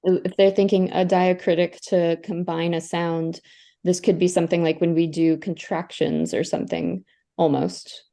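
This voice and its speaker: A woman's voice: fairly low pitch, fairly even intonation, moderate pace, creaky, mellow. A woman participating in a workshop, thinking aloud and checking her understanding as she asks questions.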